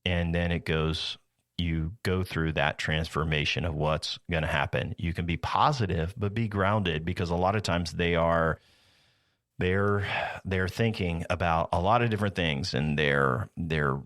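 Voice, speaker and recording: Low-voiced man teaching sales, rambling. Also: fairly bright tone, dry recording, studio quality. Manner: rambling, frequent restarts and asides. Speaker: podcast host. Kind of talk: casual teaching talk.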